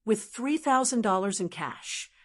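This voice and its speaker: A woman's voice: medium pitch, animated, a little slow. A woman voicing a violent, furious young man who snarls and raises his voice, in a storybook reading. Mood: angry menacing.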